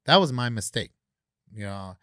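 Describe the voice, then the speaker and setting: A man on a podcast, telling a long story in a casual, animated way and acting out the people he quotes. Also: fairly low pitch, moderate pace, smooth, dry recording, clean studio sound. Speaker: guest, convention organizer.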